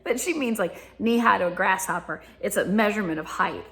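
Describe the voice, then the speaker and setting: A woman's voice: mid-range voice, expressive, brisk, fairly bright tone. A woman with a Southern US accent, telling casual stories and laughing often as she talks. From Southern United States. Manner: giggly, laughs often while talking. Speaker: vlogger. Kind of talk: casual storytelling monologue.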